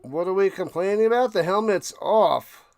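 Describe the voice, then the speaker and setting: Calling a football game live on stream, this man talks casually with his audience, thanks viewers in chat by name, and rises loud and quick whenever a big play happens. He keeps clearing his throat and coughing from a tickle. His high-sitting voice is captured in studio quality with no echo.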